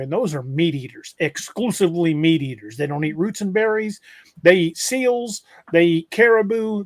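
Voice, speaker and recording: A man's voice: on the high side, a little mellow, no echo, clean studio sound. Chatty man telling a story. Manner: storytelling, rambling with restarts. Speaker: podcast host. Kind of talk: casual podcast chat.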